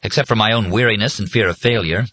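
Man doing a worried weary working man, a little higher than his own voice, pleading, audiobook. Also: fast talker, fairly bright tone, breathy edge, no echo. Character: anxious out-of-work man, weary and afraid.

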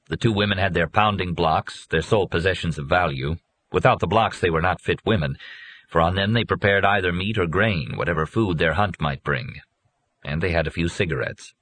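Deep-voiced male audiobook narrator. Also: a bit bright, no echo.

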